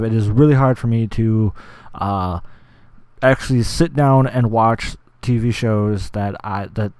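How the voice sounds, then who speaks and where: A man's voice: mid-range voice, a little mellow, clean tone, no room sound. A young man hosting a podcast, rambling enthusiastically in casual chat, with lots of fillers and swearing. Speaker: podcast host.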